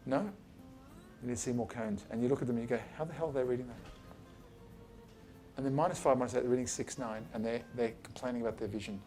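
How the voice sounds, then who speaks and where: Talking informally to a few colleagues in his office, this Australian eye surgeon is blunt and chatty, swearing casually and acting out exchanges with patients. His mid-pitched voice is gravelly and darkish, with fairly even intonation and a racing pace, over soft background music.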